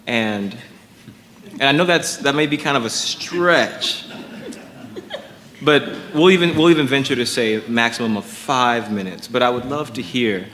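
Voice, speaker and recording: A man's voice: medium pitch, measured pace. A man moderating a panel, speaking courteously and steering the discussion. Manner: courteous, gently guiding. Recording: long hall reverb with faint noise.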